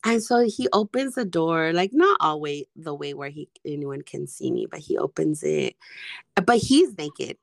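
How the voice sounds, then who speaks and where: A woman co-hosting a podcast, telling a crude story in casual chat with lots of swearing and a hoarse voice. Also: deep voice, very animated, unhurried, no echo, studio quality. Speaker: podcast co-host.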